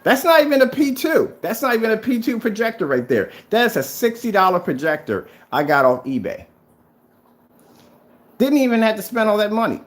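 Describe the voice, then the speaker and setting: A man in his fifties recording a confrontational vlog at home, goading a rival again and again to prove his claims. His pitch swings widely, leaping up high whenever he repeats the challenge, and he keeps a mocking, needling tone throughout. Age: 50s. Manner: taunting and repetitive, pitch jumping up on challenges. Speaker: DIY projector screen paint vlogger. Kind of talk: confrontational video rebuttal. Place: at home, showing his screen.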